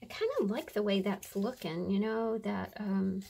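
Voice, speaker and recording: Slow, gravelly woman crafting. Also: mid-range voice, dark tone. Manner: chatty, muttering to herself as she works, often drops to a whisper. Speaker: crafter demonstrating journal pages. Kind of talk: casual crafting tutorial chat.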